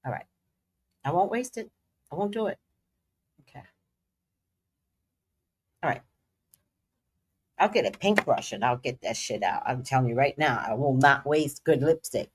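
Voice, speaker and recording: Slow, lively-voiced woman chatting. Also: extremely low pitch, slight background noise. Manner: playful, dramatic, slangy asides. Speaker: psychic livestream host. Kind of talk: casual livestream chat.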